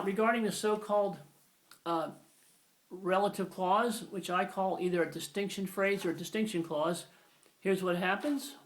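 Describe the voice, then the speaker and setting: A man's voice: sits high, a little hiss or hum. A man giving a grammar video lesson, patient and emphatic, repeating his key phrases. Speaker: grammar teacher.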